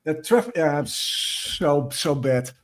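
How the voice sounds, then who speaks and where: A man from the Netherlands with a Dutch accent, a guest expert explaining himself earnestly in halting, restarting sentences. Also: a little high, expressive, a little hiss or hum. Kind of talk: casual interview talk.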